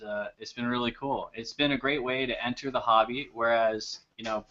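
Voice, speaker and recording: A man's voice: mid-range voice, fairly bright tone. A man guesting on a casual livestream chat, speaking in an earnest, easygoing way. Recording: dull lo-fi webcast audio with faint noise.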